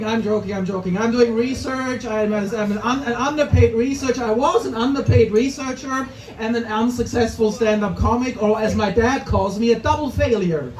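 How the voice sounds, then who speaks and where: At an open mic in a comedy club, a man in his forties from Austria does self-deprecating stand-up and cracks up at his own material. His voice is very high-pitched at a normal speed, with crowd noise, an echoey room, and a mic heard from afar.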